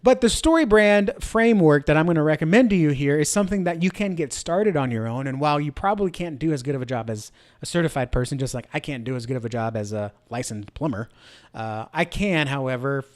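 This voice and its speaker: A man's voice: a little high, lively intonation, fast. A middle-aged man hosting a church marketing show, talking energetically to camera with many rhetorical questions. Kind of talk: instructional talk to camera.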